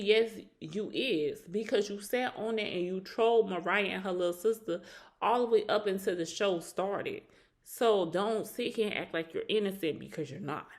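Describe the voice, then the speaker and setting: A woman casually recapping a reality show reunion, animated and acting out quotes in a higher voice.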